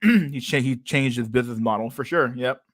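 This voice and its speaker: A young man rants over a video he is reacting to, crude and mocking, stumbling into constant restarts. His voice sits mid-pitch and is recorded dry and close, with no room sound. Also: moderate pace, dry recording. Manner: crude, mocking, rambling with many restarts and "bro". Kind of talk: casual profane reaction commentary.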